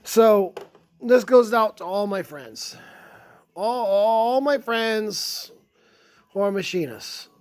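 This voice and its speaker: Slow, rambling small-town vlogger venting. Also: mid-range voice, animated. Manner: rambling, profane, grumbling venting. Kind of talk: casual storytelling rant.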